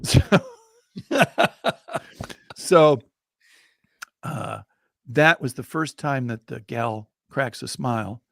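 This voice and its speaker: An older man telling a story across a podcast table, animated and lively, slipping into the voices of the people he describes. His voice sits at a middle pitch. The sound is dry and close, with no room around it. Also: drawn-out words, vocal fry, pauses often, no room sound. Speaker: storyteller and co-host. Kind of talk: casual storytelling.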